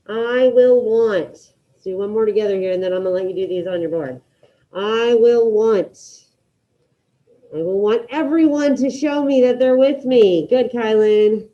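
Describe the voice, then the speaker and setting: A woman teaching a Spanish class online, brisk and encouraging, calling out students by name as she checks their answers. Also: on the high side, highs cut off.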